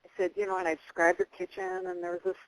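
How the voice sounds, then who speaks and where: A middle-aged woman with a low-pitched, gravelly voice tells a story as a radio guest. She talks casually and rambles, with many fillers and restarts. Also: sing-song, fast, dry recording, poor audio. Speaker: guest psychic medium.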